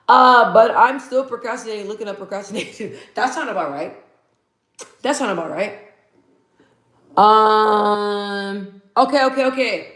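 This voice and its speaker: A woman's voice: mid-range voice, normal speed, a bit bright. Hyper chatty lady doing a live q&a, laughs a lot, mid voice, roomy echo. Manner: hyper and chatty, laughs often, reads viewer answers aloud. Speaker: livestream host. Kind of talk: casual live Q&A chat.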